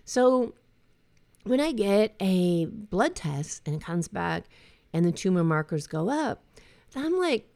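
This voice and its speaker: A woman's voice: fairly low pitch, sing-song, slow, vocal fry, mellow. A middle-aged woman hosting a podcast, speaking frankly and reflectively in a conversational way. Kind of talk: candid personal talk.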